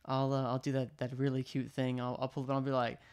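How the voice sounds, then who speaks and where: A man from Louisiana chats casually on a livestream, full of jokes and quick laughter. His voice sits at an ordinary, middle pitch, easygoing and playful. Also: monotone, darkish tone, clean tone. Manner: jokey, laughs often, playful banter. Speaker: livestream host.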